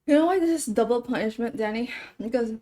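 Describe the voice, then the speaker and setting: A woman's voice: a little high, fast, dark tone. A woman streamer chatting casually on a live stream, groaning and laughing as she eats, sniffling from the spice. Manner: chatty, groaning and laughing while eating spicy food. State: sniffling from spicy food.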